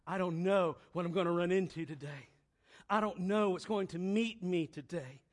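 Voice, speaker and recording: In this sermon, a man alternates between soft, low-pitched reflection and forceful, loud exhortation. He repeats phrases at a slow, deliberate pace.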